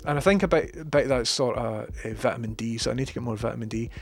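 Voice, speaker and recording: A man's voice: mid-range voice, fast, faint music behind. A Scottish man casually chatting on his livestream, reading out chat messages with a slight cold in his voice. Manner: chatty, swears casually, reads chat aloud. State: has a cold.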